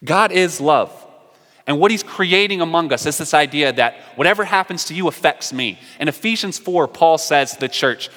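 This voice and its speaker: A man preaching a sermon in an earnest way, moving between emphatic lines and hushed, quiet ones. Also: fairly high pitch, expressive, normal speed, big-room sound. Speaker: pastor.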